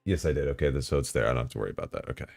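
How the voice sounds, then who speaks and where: A streamer with an extremely low, fry-laden voice talks very fast while configuring software, addressing himself and his chat casually. He curses and bursts out excitedly; the recording is dry, with faint music in the background.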